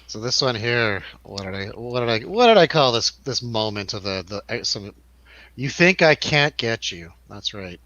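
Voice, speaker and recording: A man with a bright, forceful voice hosts a loose film review chat, laughing easily as he jokes. The sound is dry and close, with a slightly dull, lo-fi tone. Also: lowish voice, expressive, normal speed, dry recording. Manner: laughs often, loose and joking. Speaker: radio show host.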